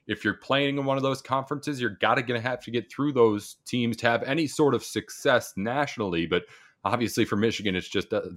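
A man co-hosting a casual sports talk show, speaking in a measured, conversational way. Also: mid-range voice, a bit bright. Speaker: sports podcast co-host.

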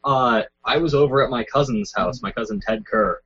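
A man's voice: mid-range voice, moderate pace, a bit bright, husky. A young man as a podcast guest in casual chat, rambling through memories with lots of fillers and restarts. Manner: rambling, self-mocking, many fillers and restarts. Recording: dull lo-fi sound.

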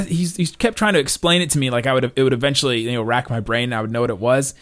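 A man's voice: mid-range voice, fast, few pauses, fairly bright tone. A man from Florida co-hosting a podcast, telling stories in a casual chat and laughing often. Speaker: podcast co-host.

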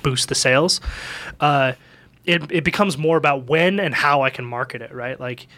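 Bright-voiced man thinking out loud. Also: medium pitch, normal speed. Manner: reasoning aloud, many "like" fillers. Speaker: podcast co-host. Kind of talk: casual panel chat.

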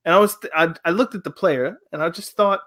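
A man talking football with a friend in a relaxed, casual debate. He is animated and keeps building his point through rhetorical questions. His voice sits a little higher than most men's. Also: a little fast. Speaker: podcast co-host.

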